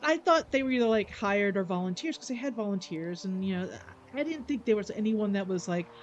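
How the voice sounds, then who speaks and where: A woman's voice: mid-range voice, expressive, a little fast, highs cut off. Chatty woman streamer, rambling with fillers. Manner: rambling, many fillers and self-corrections, laughs often. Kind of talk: casual gaming chat. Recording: faint background noise.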